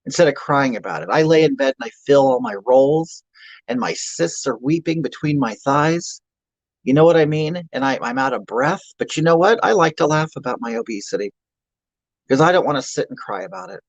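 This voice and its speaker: A man's voice: fairly high pitch, lively intonation, fairly quick, vocal fry, no room sound, dull audio. A man playing a crude, self-mocking obese middle-aged woman who rambles, stammers and answers chat comments on a comedy livestream. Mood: ranting, griping. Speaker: livestream comedy character host. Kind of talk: improvised livestream character comedy.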